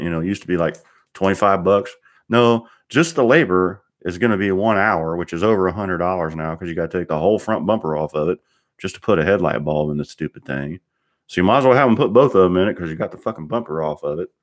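Deep-voiced, foul-mouthed mechanic ranting. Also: male voice. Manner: blunt, swears constantly, rambling asides. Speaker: car mechanic podcaster. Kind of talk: profane ranting monologue.

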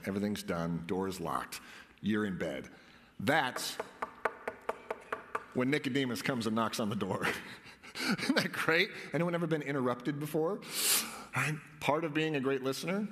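A man delivering a sermon as a pastor, speaking in a relaxed, conversational way and often turning to his listeners with questions. His pitch swings in a lively, animated way. His voice rings out with a long reverb, as in a large hall. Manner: conversational, asks the congregation questions.

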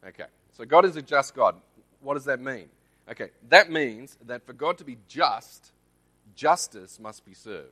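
Australian male lay preacher, conversational church talk, bright voice. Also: mid-range voice. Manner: conversational, checks in with the audience.

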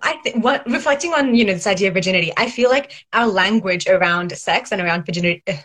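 A young woman with a mid-pitched, everyday voice co-hosting a casual podcast. She questions ideas head-on and wanders through her points with "um" and "like.". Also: expressive, quick pace, fairly bright tone. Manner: conversational, asks probing questions, rambles with fillers. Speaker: podcast co-host. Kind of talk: casual chat.

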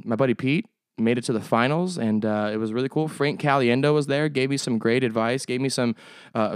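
A man's voice: medium pitch, smooth, no echo, studio quality. A young man hosting his own podcast, chatting casually in a rambling, profane, joking way. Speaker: podcast host. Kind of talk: casual solo podcast chat.

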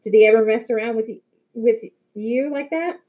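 Casting: guarded, tense teen boy, woman reader, slightly higher voice. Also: normal speed, phone-quality sound, natural voice. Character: upset, wary teenage younger brother.

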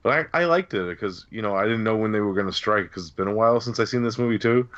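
A man with a fairly low voice chats casually about a film on a podcast. He rambles easily, with plenty of "you know" and "like". The audio is dull and lo-fi. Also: fast talker, a bit bright. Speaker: podcast co-host. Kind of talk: casual film review chat. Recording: dull lo-fi sound.

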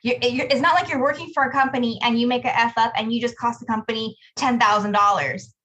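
A woman's voice: a little high, fast talker, poor audio. A woman who owns a business, telling a story in a casual podcast conversation and quoting herself as she goes. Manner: storytelling, animated, quotes herself. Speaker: business owner, podcast co-host.

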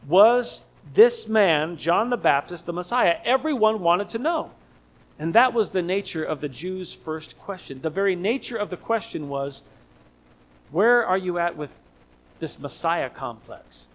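A man's voice: sits high, a bit bright, low-quality recording. A man preaching an expository sermon, emphatic and repeating key phrases for stress.

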